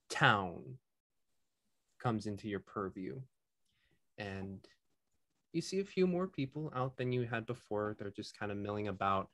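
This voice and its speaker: A man narrating as game master in a tabletop game, with a relaxed, rambling way of talking. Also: on the low side.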